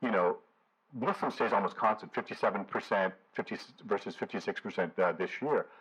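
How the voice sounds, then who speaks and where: A man's voice: fairly low pitch, brisk, fairly bright tone, breathy edge, low-quality recording. A man lecturing to a community audience as a professor, in a conversational way, with frequent "you know" and hesitant fillers.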